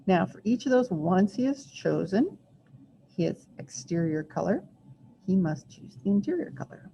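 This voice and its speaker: A woman teaches a recorded math lesson in a low, dark, gravelly voice. She is chatty and self-deprecating and thinks aloud as she works through her drawing. The recording is muffled, with a faint hiss behind her. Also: very animated, moderate pace.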